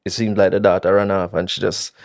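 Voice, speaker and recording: A man's voice: sits low, level tone, quick pace. A young man from Jamaica hosting a casual podcast chat, telling stories with lots of fillers. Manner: chatty storyteller, many fillers and laughs. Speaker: podcast host.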